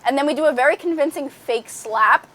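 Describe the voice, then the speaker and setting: A woman's voice: high-pitched, brisk, fairly bright tone. A young woman hosting a casual chat with friends, telling a story with frequent giggles. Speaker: podcast host.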